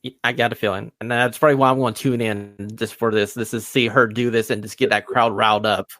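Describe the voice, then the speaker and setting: A man's voice: on the low side, fairly even intonation, fast talker, sharp tone, dry recording. A man co-hosting a wrestling podcast, talking up matches in an upbeat, emphatic way. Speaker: podcast co-host. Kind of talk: casual wrestling podcast chat.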